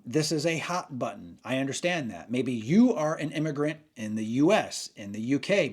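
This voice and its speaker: A man's voice: mid-range voice, darkish tone. Male host, loose talk-to-camera delivery, meandering and self-correcting. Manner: rambling, frequent restarts and self-corrections. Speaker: channel host. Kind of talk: casual opinion monologue.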